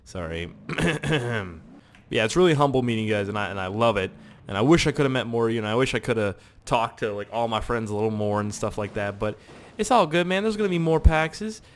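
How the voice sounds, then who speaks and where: A man's voice: mid-range voice, expressive, a little fast, a little hiss or hum. A man from Canada, telling rambling, profane stories while he plays a game. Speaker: gaming YouTuber. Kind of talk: casual storytelling over gameplay.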